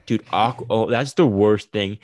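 A young college-age man with a lowish voice rambles through casual chat, tossing in "dude" and "like". The sound is close and dry, with no room echo. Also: unhurried, darkish tone. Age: young adult. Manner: chatty, rambling, "dude" and "like" fillers.

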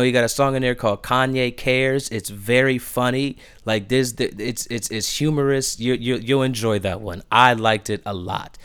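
A man hosting a podcast, gushing about new music in casual chat, stumbling over restarts in his excitement. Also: mid-range voice, smooth. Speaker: podcast host.

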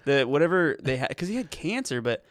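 A man's voice: fairly high pitch, very animated, fairly quick, no echo, clean studio sound. A man co-hosting a crude comedy podcast, telling rambling, profane stories with sudden outbursts. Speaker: podcast co-host.

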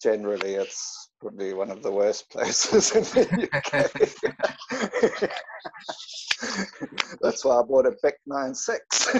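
A man's voice: medium pitch, moderate pace, vocal fry, few pauses, dull audio. A man from South Africa with a South African accent, a laid-back podcast guest who laughs often. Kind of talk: casual chat.

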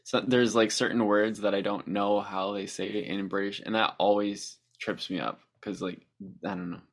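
A man's voice: on the low side, fairly even intonation, moderate pace, gravelly. A man co-hosting a podcast in casual chat, rambling, stumbling over words and laughing often. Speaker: podcast co-host.

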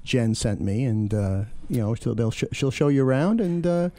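A man's voice: medium pitch, lively intonation, normal speed, mellow, no echo. A man co-hosting a community radio talk show. He talks in a playful, hammy announcer style.

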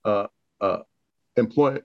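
Hesitant middle-aged man, muffled sound. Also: fairly low pitch. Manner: halting, self-deprecating, hesitant. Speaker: podcast guest, veteran. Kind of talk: casual chat.

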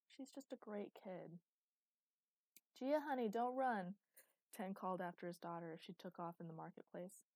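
A woman reading a science fiction audiobook in a steady, even storytelling manner. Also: lowish voice, dry recording. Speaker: audiobook narrator. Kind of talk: scripted narration.

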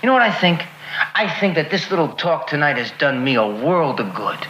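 A man's voice: on the high side, big pitch swings, fairly quick, sharp tone, slight background noise. An actor playing a sarcastic young man who mockingly thanks someone for a lecture. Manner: sarcastic, mock-grateful. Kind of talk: film dialogue. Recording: muffled film audio.

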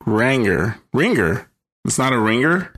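A man's voice: medium pitch, big pitch swings, a little slow, a bit bright, husky. A man co-hosting a podcast in easygoing casual chat. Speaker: podcast co-host.

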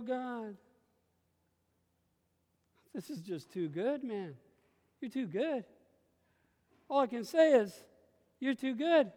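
A man preaching a sermon with passion, swinging between hushed confiding and sudden exclamations. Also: sits high, sing-song, unhurried, long pauses. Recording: long hall reverb.

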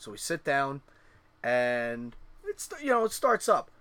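A man's voice: fairly high pitch, expressive, moderate pace, sharp tone, dry recording. A middle-aged man co-hosting a casual chat, rambling through profane stories with lots of fillers.

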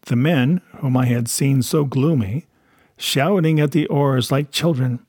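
Husky guy reading an old adventure book, steady and measured, dead dry sound. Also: mid-range voice, no echo. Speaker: audiobook narrator. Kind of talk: scripted narration of a classic novel.

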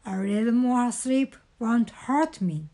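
A woman's voice: fairly high pitch, lively intonation, slow, dark tone. A woman voicing a sleepy, grumpy male toad in a storybook read-aloud, grumbling and drowsy.

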